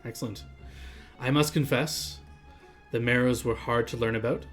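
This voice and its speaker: A man voicing a cheerful, sly tiefling woman scholar in a tabletop game, with a theatrical, drawn-out delivery. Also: mid-range voice, steady tone, soft background music, natural voice. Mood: sly, welcoming.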